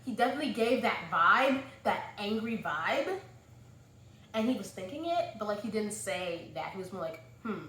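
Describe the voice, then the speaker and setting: A woman's voice: mid-range voice, very animated, normal speed, a bit bright, slight background noise. A woman with a Southern US accent chatting casually as she sums up a book, rambling with lots of fillers. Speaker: book vlogger. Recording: echoey room.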